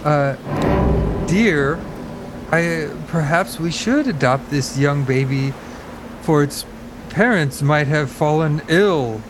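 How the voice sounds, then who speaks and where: A man voicing a demure pioneer-era wife in an improvised audio drama, quiet and formal in an old-fashioned way. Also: a little high, takes it slowly, noisy background.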